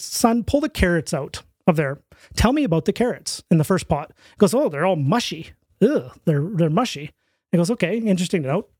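Guesting on a podcast, a man with a fairly high voice chats casually, animating his stories by taking on the voices of the characters. The sound is close and dry, almost free of any room tone.

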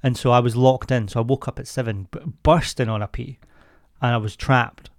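Deadpan man, dry sound. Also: medium pitch, fairly quick, dry recording. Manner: deadpan storytelling, self-deprecating. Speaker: podcast co-host. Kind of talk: casual chat.

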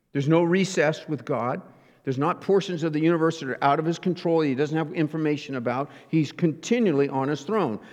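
A man's voice: on the high side, a little mellow. A man preaching a sermon, teaching earnestly and asking rhetorical questions. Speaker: pastor. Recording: reverberant hall.

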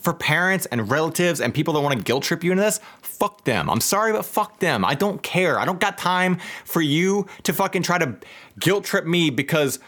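A man's voice: on the high side, animated, normal speed, a bit bright. A man in casual chat, ranting in exasperation with constant swearing.

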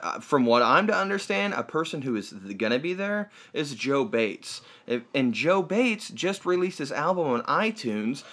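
A man's voice: fairly high pitch, fairly bright tone. A man hosting a comedy podcast, chatting casually in a playful, teasing and rambling way.

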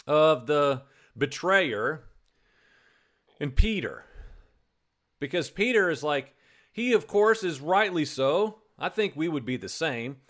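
A man's voice: fairly high pitch, fairly bright tone. A man preaching a sermon in a conversational way, with restarts and acted-out quotes. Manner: conversational, repeats words, acts out quotes.

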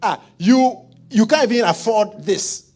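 A haughty rich man sneers and jeers at someone he thinks beneath him, as a man preaching acts him out. The voice jumps high and loud, swooping up and down with scorn. Soft music sits faintly underneath. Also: huge pitch swings, racing, husky, full character voice. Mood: sneering. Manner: loud, taunting, mocking.

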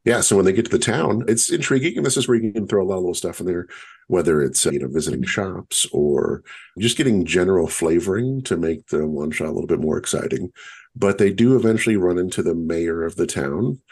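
A man co-hosting a podcast, explaining a story in a measured, storytelling way in casual conversation. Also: low voice, a little mellow, husky. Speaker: podcast co-host.

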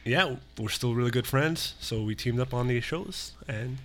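A man's voice: medium pitch, moderate pace, fairly bright tone, a little hiss or hum. A man, a musician guest on a podcast, talking in a laid-back way, repeating words and calling people dude. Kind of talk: casual interview chat.

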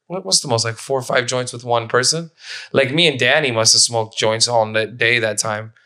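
A man's voice: medium pitch, moderate pace. A man hosting a podcast, telling stories in casual chat, swearing freely and acting out other people's voices. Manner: animated storyteller, swears a lot, acts out voices. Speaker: podcast host.

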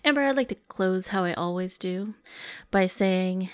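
A woman's voice: mid-range voice, normal speed, dry recording, clean studio sound. A woman co-hosting a casual podcast chat, rambling with many hesitations and playful teasing. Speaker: podcast co-host.

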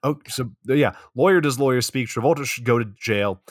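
Male podcast co-host, profane and sarcastic, mid-pitched, dry booth sound. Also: fairly quick, dry recording. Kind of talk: casual comedic movie recap.

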